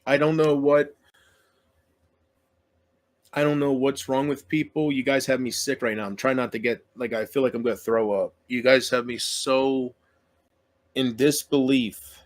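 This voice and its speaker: A man's voice: mid-range voice, fairly even intonation, unhurried, pauses often. A man YouTuber in an emotional solo rant to his viewers, aggrieved and self-pitying, swearing often and trailing off mid-sentence.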